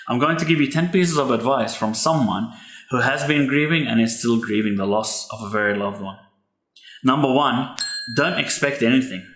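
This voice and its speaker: A man's voice: medium pitch, a bit bright. A man, a pastor's son hosting a podcast, giving earnest, heartfelt advice about grief. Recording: echoey room.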